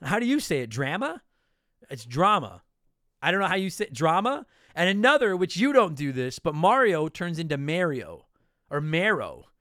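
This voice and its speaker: A man's voice: on the high side, sing-song, moderate pace, bright, forceful tone, dry recording, studio quality. A man in his thirties from Canada hosting a casual solo podcast, answering listener questions in a blunt, profane, joking way.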